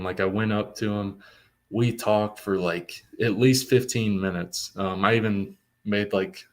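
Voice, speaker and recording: Young male guest, low-ish voice, eager storyteller, heavy on fillers. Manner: excited, many fillers like "like". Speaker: comics writer, guest. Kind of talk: casual storytelling.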